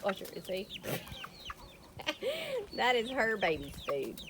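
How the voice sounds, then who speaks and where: A woman's voice: medium pitch, animated, slow pace. A woman chatting casually in a farm vlog, talking to and teasing her animals. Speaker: farm vlogger. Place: outdoor farmyard with chickens and goats. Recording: noisy outdoor farmyard, clucking chickens. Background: chickens clucking.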